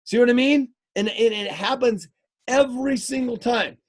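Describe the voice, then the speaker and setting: A male fitness coach giving an energetic live coaching talk, emphatic and repetitive, often checking in with "okay?". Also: very high-pitched, normal speed. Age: adult, married eighteen years.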